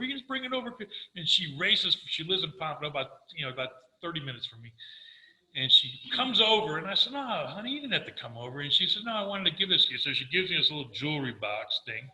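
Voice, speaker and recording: An older man speaks with earnest warmth as he tells his own recovery story and acts out the conversations in it. His voice is bright and forceful, and it rings through an echoey room. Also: mid-range voice. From Florida. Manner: earnest storytelling, quoting himself, animated. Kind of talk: personal testimony talk.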